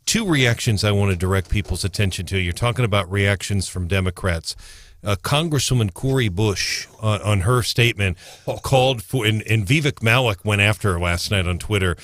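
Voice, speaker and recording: A man co-hosting talk radio, with a lowish voice and an earnest, hesitant way of talking. He is close and dry on the studio mic. He pauses and restarts as he lines up his points. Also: a bit bright, no room sound. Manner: earnest, hesitant, reads out quotes.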